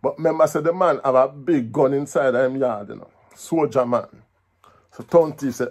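A Jamaican man telling a folk story in patois, with a lively, animated delivery. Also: medium pitch, normal speed, slightly rough.

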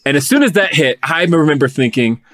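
A man's voice: a little high, expressive, fairly quick, fairly bright tone, no room sound, clean studio sound. A man hosting an interview, asking eager, rambling questions. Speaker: podcast host.

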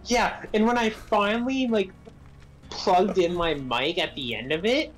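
A woman gaming on stream, chatting casually and telling an animated story. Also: mid-range voice, unhurried, low-quality recording. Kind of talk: casual chat while gaming.

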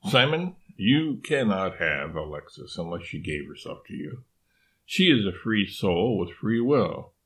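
A steady, principled man from a storybook who refuses every offer, speaking firmly and formally, as a man reads him. His voice is very deep. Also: full character voice. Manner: firm, measured, formal. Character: calm principled man defending animals.

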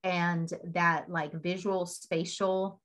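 A woman's voice: lowish voice, level tone, slow, fairly bright tone, low-quality recording. A woman speaking on a team video call, telling a story in a chatty way and laughing often. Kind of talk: casual motivational talk.

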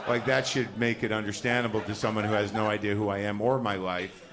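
With a fairly low, flat delivery, a middle-aged comedian moves briskly through a neurotic, profane story at his own expense. He performs live on a theater stage, with background noise. The stage recording is full of loud audience laughter.

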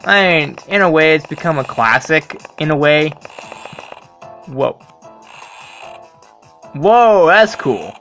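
A gamer commenting casually while playing, excitable and swearing, with loud startled outbursts. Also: medium pitch, slow, long pauses, soft background music. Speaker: let's play gamer.

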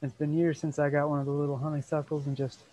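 An improviser playing a chivalrous, grandiose old-fashioned gentleman in a musical comedy scene, over a video call. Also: medium pitch, flat delivery, no echo, close to an everyday voice. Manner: grandiose, quick bursts, mock sneezes. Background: fiddle music.

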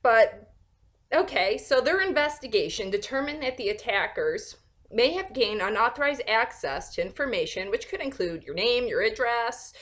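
A woman vlogger talking in a casual, animated and sarcastic rant, full of fillers and restarts. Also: a little high. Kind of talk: casual ranting monologue.

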